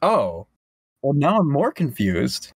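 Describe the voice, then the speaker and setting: A man's voice: medium pitch, slow, slightly rough, no room sound. A young man co-hosting a podcast in casual chat, joking and laughing often. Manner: animated, jokey, laughs often. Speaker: podcast co-host.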